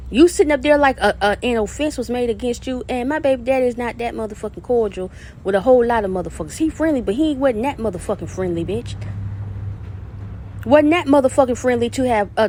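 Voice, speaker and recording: High-voiced, profane woman ranting. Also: darkish tone. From South Carolina. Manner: profane, confrontational, insulting. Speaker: podcast host. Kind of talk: angry solo podcast rant.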